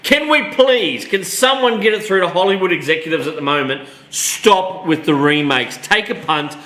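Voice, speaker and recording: An Australian man co-hosting a loose, swear-filled chat. His voice sits high and bright and swings widely as he hams up his outrage. The room around him rings with echo. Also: normal speed. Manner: animated, swearing, exaggerated outrage. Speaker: podcast co-host. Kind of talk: casual banter reacting to a trailer.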